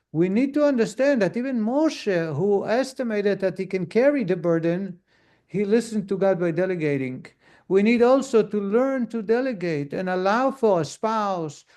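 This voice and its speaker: A middle-aged rabbi teaches a class in a relaxed, conversational way. His voice sits fairly high for a man. He weaves stories into the lesson and turns to his listeners with questions. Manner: storytelling, asks the audience questions.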